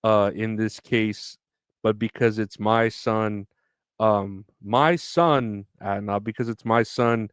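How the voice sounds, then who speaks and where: A man's voice: on the low side, steady tone, slow pace, smooth, dry recording, studio quality. A man hosting a solo podcast, ranting in a profane, sarcastic way with crude jokes. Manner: profane, sarcastic, mocking quoted voices. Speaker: podcast host. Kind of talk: rambling solo podcast rant.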